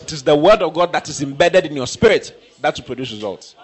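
High, lively preacher. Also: male voice, a little fast. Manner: emphatic, repetitive, bursts into shouting. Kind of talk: sermon.

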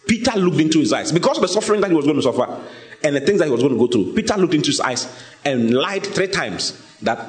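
A man with a rather high voice preaches quickly in a reverberant space. His sermon is animated storytelling, and he frequently asks the listeners questions.

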